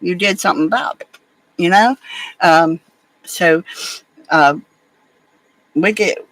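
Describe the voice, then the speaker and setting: A woman's voice: fairly low pitch, slow pace, no echo, low-quality recording. A woman, casually telling a family story to her viewers, rambling with many fillers and restarts. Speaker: vlogger.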